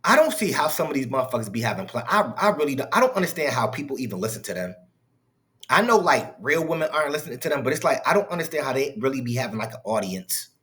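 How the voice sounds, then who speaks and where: A man's voice: mid-range voice, big pitch swings, fast, a bit bright. A man hosting a reaction commentary, mocking and incredulous, heated and profane as he talks back to a clip. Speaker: commentary host reacting to clips.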